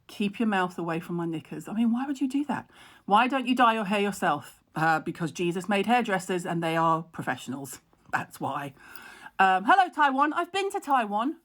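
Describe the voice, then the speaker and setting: Speaking at medium pitch and a moderate pace, this middle-aged woman sounds very animated and fairly bright. She's running a casual live stream, chatty and frank, laughing often at her own expense while responding to viewers' comments.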